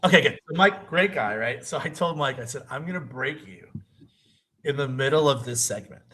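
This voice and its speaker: A man guesting on a wrestling talk show, telling stories in a casual, animated way and laughing often between lines. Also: medium pitch, normal speed, slight background noise, low-quality recording. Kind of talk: casual storytelling chat.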